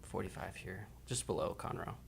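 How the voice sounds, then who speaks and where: A young man from Texas chats easily as a guest on a talk radio show. His voice is very deep, with a gravelly fry running through it. Faint noise hangs behind him. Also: normal speed. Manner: relaxed, easygoing, filler-heavy. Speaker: city administrative specialist, guest. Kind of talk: casual radio chat.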